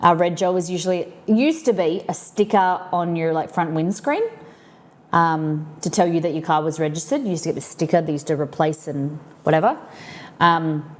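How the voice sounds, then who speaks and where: A woman's voice: low-pitched, normal speed. An Australian woman hosting a livestream, chatting casually and rambling as she explains slang to her viewers. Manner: chatty and rambling, lots of "like" fillers. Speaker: livestream host.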